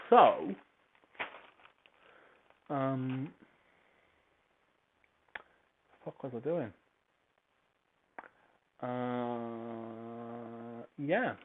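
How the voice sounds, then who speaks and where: A low-pitched man chats loosely and swears a lot, drifting between tidying and his story. His voice comes through thin and tinny, like a phone line, with a faint hiss behind it. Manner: swears freely, wanders off topic. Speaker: podcaster. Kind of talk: casual rambling chat. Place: home, tidying a child's toys.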